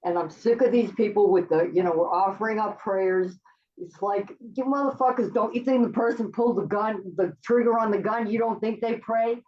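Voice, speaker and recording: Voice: medium pitch, brisk, few pauses. A participant on a video call speaking bluntly, swearing while agreeing. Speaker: podcast participant. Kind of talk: casual profane chat on a video call. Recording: distant lo-fi call with faint noise.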